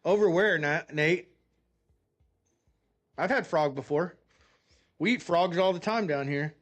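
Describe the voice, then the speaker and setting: This American man tells a meandering story while streaming a game, cursing liberally in his laid-back gameplay commentary. He speaks a little slowly, in a fairly high pitch.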